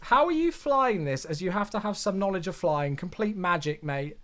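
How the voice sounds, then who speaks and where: A man's voice: high voice, expressive, moderate pace, fairly bright tone. A man streaming a flight simulator, chatting casually with viewers, thanking them and joking to himself.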